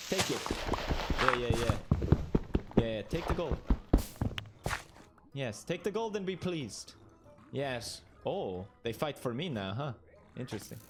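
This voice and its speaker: A man's voice: mid-range voice, expressive, unhurried, pauses often, loud music behind the voice. Playful young man streaming a game. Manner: playful, jokey, talks to game characters. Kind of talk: gameplay commentary.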